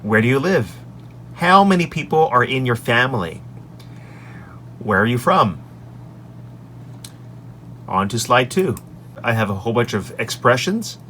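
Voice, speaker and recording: A man who teaches English, recorded in his office on a desk microphone, walking through his lesson slides in an upbeat way and saying each example sentence clearly. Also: medium pitch, sing-song, unhurried, long pauses, bright, forceful tone, a little hiss or hum. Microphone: desk microphone on an extension arm.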